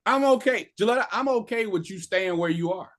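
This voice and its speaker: A middle-aged man runs a sales training session over video call, coaching emphatically and drilling listeners with call-and-response lines. His voice sits high and sounds fairly bright, with lively intonation and a brisk delivery. It's a motivational training talk.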